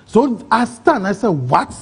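A man with a Ghanaian English accent tells an emotional personal story to an interviewer, his voice sitting high and sounding husky. He is animated and acts out the voices of the people he quotes. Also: unhurried. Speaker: interview guest.

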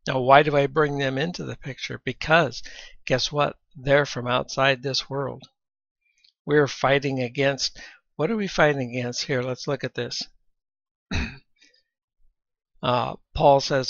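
A man giving a Bible teaching lecture, reading scripture aloud between explanations and often clearing his throat, on a dull lo-fi recording. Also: medium pitch, steady tone, measured pace, long pauses, a bit bright, no room sound.

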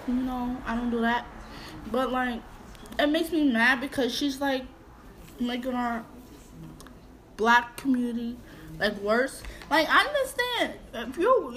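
Woman, high and bright, blunt slangy reaction commentator, a touch of background hiss. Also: unhurried, poor audio. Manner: exasperated, blunt, slangy, repeats herself. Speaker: video reactor.

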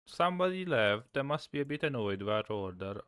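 A man streaming a cooking game, chatting casually, swearing and suddenly shouting. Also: medium pitch, very animated, brisk, smooth, dry recording, clean studio sound. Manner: chaotic, swears, bursts of shouting. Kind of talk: casual gameplay chat.

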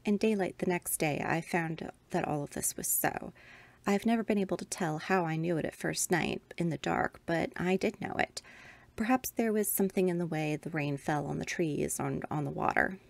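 A woman reads a Victorian ghost story aloud in a measured, expressive way. Her voice is on the low side with a gravelly texture. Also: dry recording. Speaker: podcast host reading aloud.

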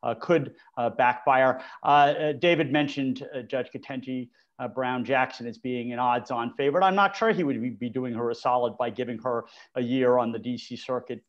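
Male panelist with a mid-range voice, measured and halting with fillers, on a muffled remote line. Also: medium pitch. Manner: measured, with frequent filler hesitations. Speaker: panelist, legal commentator. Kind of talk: panel discussion of court cases. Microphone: remote call.

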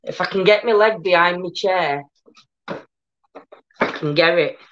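A woman's voice: fairly low pitch, measured pace, fairly bright tone, dull audio. A woman in casual chat on a paranormal discussion show, talking hesitantly with many ums and repeated starts.

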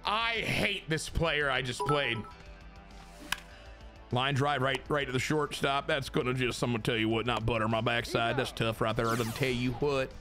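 A man giving casual, excitable commentary on his own baseball video game play, talking to his chat and swearing. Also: medium pitch, moderate pace, music in the background. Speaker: gaming streamer.

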